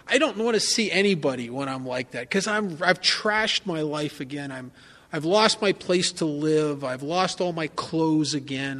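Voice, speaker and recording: A man's voice: fairly high pitch, a bit bright. A man giving a candid, self-mocking personal testimony at a recovery meeting, often turning to the listeners with asides.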